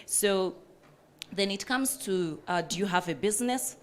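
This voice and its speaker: A woman's voice: medium pitch, a little slow. A woman panelist who runs a coffee business, speaking earnestly and with passion at a panel discussion, with many fillers.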